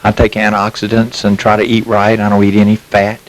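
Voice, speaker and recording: A Mississippi man in his fifties, sounding a little tired, tells folksy stories with chuckles as a guest in a casual interview at a mobile home sales lot. His Southern US accent rides on a fairly low voice, delivered completely flat and a little fast. The audio quality is poor.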